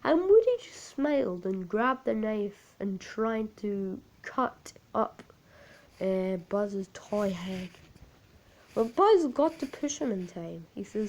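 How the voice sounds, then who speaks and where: A woman telling an amateur creepypasta story in a halting, repetitive, unpolished way. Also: medium pitch, very animated, a little mellow.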